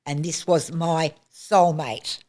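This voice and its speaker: A woman's voice: sits low, takes it slowly, darkish tone. An older woman, a resident of an aged care home, frankly telling a personal story in casual chat.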